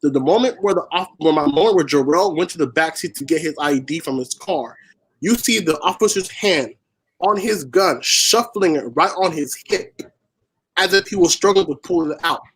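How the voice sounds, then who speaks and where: A man's voice: fairly high pitch, normal speed, fairly bright tone, breathy edge, rough recording. A man from Haiti raised in Washington State, a spoken word poet telling a personal story as an interview guest, earnest and repeating phrases for emphasis. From born in Haiti, raised in Washington State.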